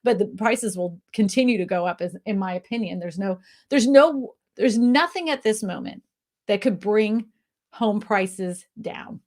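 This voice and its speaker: A woman's voice: medium pitch, a little slow, darkish tone. A woman on a video call, talking passionately and ranting about housing, with frequent laughs. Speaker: real estate agent panelist. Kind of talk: casual panel chat.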